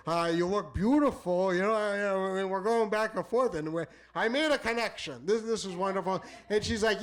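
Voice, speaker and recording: High-voiced man rambling through a live story. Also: brisk, hardly any pauses. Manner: rambling, repeats words, stumbles into restarts; animated, exclamatory delivery. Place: small theater stage before a live audience.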